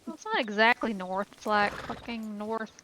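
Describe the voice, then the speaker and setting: A woman's voice: fairly high pitch, expressive, moderate pace, pushed and bright, a little hiss or hum. A woman chatting casually and laid-back in a live roleplay. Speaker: roleplay player.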